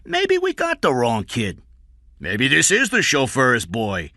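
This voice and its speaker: A man reading aloud and voicing a rough male kidnapper who shouts and threatens. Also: mid-range voice, huge pitch swings, slow pace, no room sound, studio quality, voice pushed up, full character voice. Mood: scheming.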